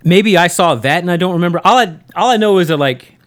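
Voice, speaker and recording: A man's voice: sits high, fast. A man co-hosting a podcast in casual chat, a profane, rambling storyteller who acts out his own reactions. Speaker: podcast co-host. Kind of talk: casual chat about movies.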